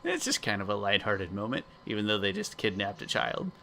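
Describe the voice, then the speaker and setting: A man's voice: fairly low pitch, big pitch swings, a little fast, bright, forceful tone, a little hiss or hum. A man co-hosting a podcast in casual chat, reflective and full of fillers. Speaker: podcast co-host.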